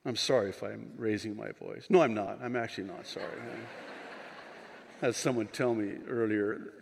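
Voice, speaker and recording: A male pastor preaching a conference sermon, moving from quiet asides to impassioned shouting with joking digressions. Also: lowish voice, moderate pace, vocal fry, a little hiss or hum. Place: large conference hall. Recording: long hall reverb from a live conference.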